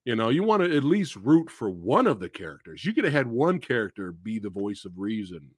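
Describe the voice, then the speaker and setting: A male podcast host talking casually about films. His pitch moves a lot in an animated way, and he vents frustration with blunt profanity. The sound is dry and close, with no room echo. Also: fairly quick, husky. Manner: animated, exasperated ranting with profanity. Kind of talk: casual movie chat.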